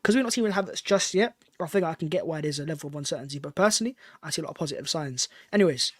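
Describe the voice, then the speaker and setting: A man's voice: on the high side, animated, no room sound, studio quality. A man co-hosting a fan podcast, chatty and leading the segment. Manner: quick, chatty, leads the segment. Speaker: podcast co-host. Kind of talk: casual football chat.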